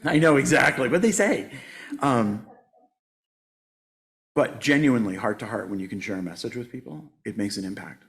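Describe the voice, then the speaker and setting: A man's voice: medium pitch, normal speed, gravelly, pauses often, fairly bright tone. Chatty joking preacher man in his sixties. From United States. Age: 60s. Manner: joking, self-mocking, laughs often. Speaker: guest speaker at a church service. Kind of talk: conversational sermon. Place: church sanctuary.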